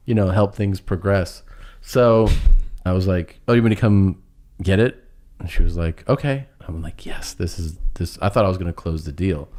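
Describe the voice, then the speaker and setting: A middle-aged man telling a long, funny personal story on a podcast. He laughs through it and pauses often. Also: deep voice, darkish tone. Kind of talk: casual storytelling chat.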